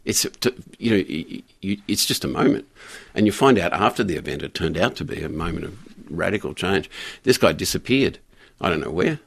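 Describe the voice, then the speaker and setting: An older man speaks in a very low, gravelly voice during a radio interview. He tells his story haltingly, stopping and restarting often, and chuckling now and then. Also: lively intonation, a bit bright. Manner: halting, many restarts and fillers, chuckles while telling. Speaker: guest, community pastor.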